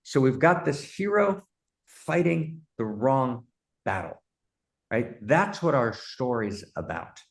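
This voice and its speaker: A man hosting an animated film discussion, talking emphatically and breaking into excited bursts. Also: medium pitch, takes it slowly, gravelly. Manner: warmly addresses his partner as "my friend". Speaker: host, philosopher.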